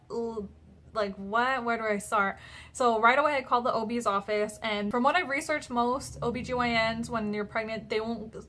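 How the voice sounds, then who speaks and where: Chatty young woman, fairly high voice. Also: fairly bright tone. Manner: chatty, retells conversations with many fillers. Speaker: vlogger. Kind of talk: casual personal vlog.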